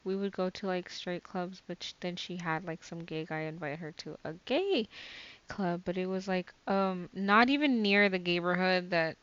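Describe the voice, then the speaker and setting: A woman co-hosting a podcast, a relaxed listener who reacts often and laughs easily. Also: on the low side, normal speed, clear, resonant tone, highs cut off. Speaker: podcast co-host. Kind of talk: casual chat.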